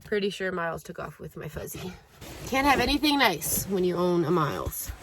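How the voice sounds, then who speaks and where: Low-voiced, breathy woman vlogging. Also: expressive, normal speed, a little hiss or hum. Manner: soft, heartfelt, rambling with many "like"s. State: a little out of breath. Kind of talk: casual confessional vlog.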